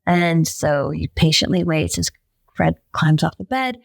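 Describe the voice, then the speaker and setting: A woman journalist, a podcast guest, telling a story in a lively way and acting out the quotes. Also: low voice, a little slow, vocal fry, dry recording. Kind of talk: conversational storytelling.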